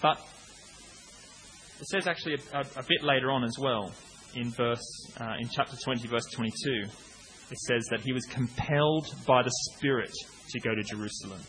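A man in his late thirties preaching a conversational sermon, breaking into acted-out shouts now and then. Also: medium pitch, moderate pace, a little hiss or hum, poor audio. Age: 30s.

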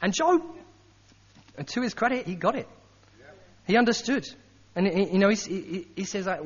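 A man preaching a sermon in a conversational, animated way, acting out the quotes he tells. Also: high-pitched, moderate pace, long pauses, breathy edge. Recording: dull sound with long hall reverb.

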